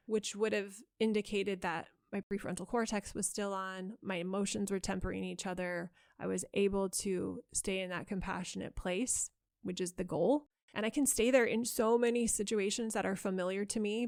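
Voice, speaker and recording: A woman hosts a parenting podcast on her own, telling a story in an earnest, self-critical voice. Her pitch sits in a middle range. The sound is dry and close, with no room echo. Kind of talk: reflective solo podcast storytelling.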